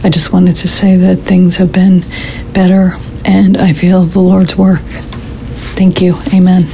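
A woman from Virginia calling in, grateful and measured as she gives thanks. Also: fairly low pitch, completely flat delivery, gravelly, warm tone, slight background noise, rough recording. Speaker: caller. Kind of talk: call-in thanks and praise.

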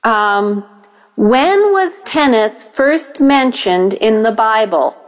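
Slow-talking woman telling a joke. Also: a little high, expressive. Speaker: caller. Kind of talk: casual voicemail telling a joke.

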